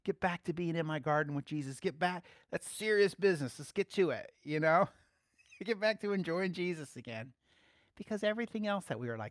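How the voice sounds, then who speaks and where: A man's voice: fairly high pitch, animated, a little fast, no echo, clean studio sound. A man giving a casual, playful sermon, laughing often as he speaks. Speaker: preacher.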